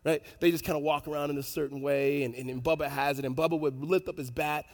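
Male pastor, lively sermon in a reverberant hall. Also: on the high side, quick pace. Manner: conversational storytelling, animated, many fillers and restarts.

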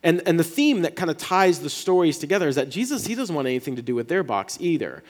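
A man preaching a sermon as pastor, talking in a casual, animated way and often restarting his words. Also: fairly high pitch, fast, in a large hall.

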